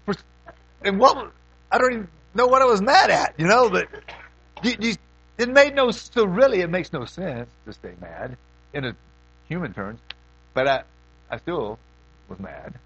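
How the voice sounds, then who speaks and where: A middle-aged man preaching a sermon in a folksy way, swinging between loud questions and hushed asides. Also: high voice, lively intonation, normal speed, pauses often, no echo, highs cut off.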